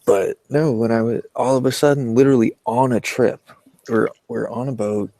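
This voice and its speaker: A man's voice: mid-range voice, fairly even intonation, moderate pace, dark tone, no room sound. A young man with a Southern Californian accent telling a rambling, profane fishing story in casual chat. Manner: profane, rambling, laid-back.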